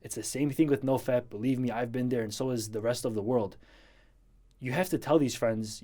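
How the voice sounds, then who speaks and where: A man's voice: mid-range voice, fairly quick, mellow. A man giving blunt, earnest advice to a viewer in a casual vlog, repeating his points for emphasis. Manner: blunt, tells it like it is.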